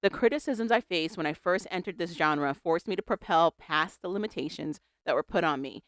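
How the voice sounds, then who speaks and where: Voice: mid-range voice, fairly quick, fairly bright tone, no room sound, studio quality. A podcast co-host in casual pop-culture chat, reading a celebrity statement aloud and adding wry asides.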